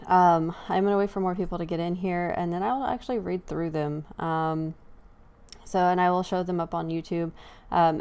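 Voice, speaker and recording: A woman's voice: low voice, a little mellow, clean tone. A woman hosting a casual live online chat, talking loosely with fillers and frequent laughs. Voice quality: chatty, laughing, many fillers. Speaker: host.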